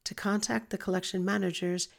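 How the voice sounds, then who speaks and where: Woman reading info text, gravelly voice, steady list-like reading. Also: mid-range voice, a little fast. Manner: even, list-like delivery. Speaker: narrator reading an informational text. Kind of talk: scripted informational reading.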